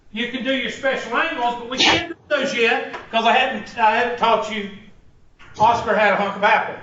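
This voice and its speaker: A man's voice: high-pitched, a bit bright, a little hiss or hum. A man teaching a math class in a classroom, blunt and joking, wandering off into stories. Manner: joking, digressive, blunt storyteller. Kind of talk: classroom lecture. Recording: roomy, distant, dull lo-fi room recording.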